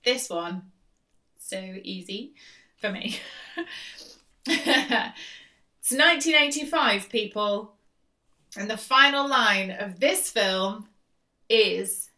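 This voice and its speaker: A woman's voice: medium pitch, lively intonation, slow pace, pauses often, bright, forceful tone. A woman hosting a live-stream quiz, reading out questions and repeating them in a chatty, teasing way. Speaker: quiz host. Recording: voice distant from the mic.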